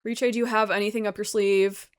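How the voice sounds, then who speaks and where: A woman's voice: medium pitch, level tone, fairly quick, slight background noise. A young woman giving a live reaction commentary, emotional and pleading, often gasping or dropping to a whisper, close to tears. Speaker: anime reaction youtuber.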